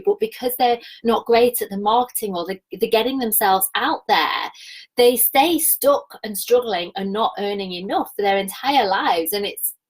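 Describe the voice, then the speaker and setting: A woman's voice: fairly high pitch, husky, rough recording. A woman in her thirties giving a passionate, chatty business coaching talk and laughing often. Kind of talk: live online coaching talk.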